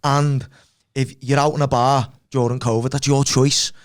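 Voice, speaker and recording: A man's voice: medium pitch, level tone, moderate pace. Blunt man arguing on a podcast. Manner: blunt, insistent, repeats his points. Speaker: MMA fighter guest. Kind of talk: casual podcast debate.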